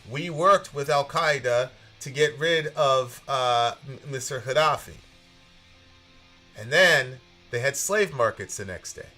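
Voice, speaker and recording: Emphatic man in casual political commentary. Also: a little high. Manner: animated, emphatic, rambling with restarts. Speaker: podcast co-host.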